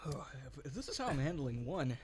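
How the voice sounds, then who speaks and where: A man's voice: on the high side, sing-song, fairly quick, noisy background. A young man chatting casually while eating very hot wings, his voice strained and a little breathless. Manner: strained, breathless from spicy food. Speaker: youth group co-host. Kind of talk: casual hot wing challenge chat.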